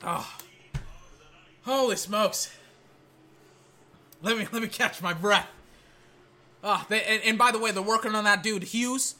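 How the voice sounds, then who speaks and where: Excitable male fan doing live game-reaction commentary; high, bright, exclamatory, rambling. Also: measured pace, pauses often.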